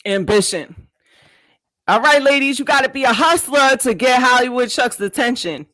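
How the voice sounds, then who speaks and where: A woman hosts a casual podcast interview, her voice bright and forceful. She talks in loose slang and laughs often between questions. The sound is dry and close. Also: high voice, expressive, moderate pace, no room sound, rough recording. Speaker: podcast host.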